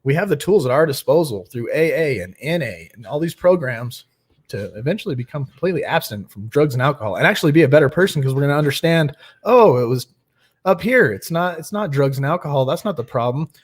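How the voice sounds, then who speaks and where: A man's voice: fairly high pitch, animated, quick pace, breathy edge. A young man hosting a nightly recovery livestream, chatting casually and greeting viewers by name.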